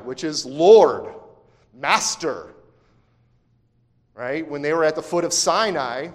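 A male pastor preaching a sermon, talking in a conversational way with asides and restarts, then swinging from quiet to loud emphasis. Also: on the high side. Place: church sanctuary. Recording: long church hall reverb.

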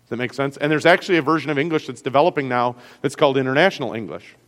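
A man's voice: medium pitch, lively intonation, very fast, fairly bright tone, long reverb tail. A man with a Great Lakes American accent, a pastor teaching a class on Scripture in a conversational way, often checking in with his listeners. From US Great Lakes region.

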